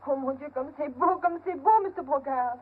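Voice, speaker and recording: A woman's voice: high voice, a little fast, a little hiss or hum, natural voice. An actress playing a stranded, homesick young French woman who speaks broken English with a French accent, in 1930s film acting. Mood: delighted. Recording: tinny 1930s film soundtrack.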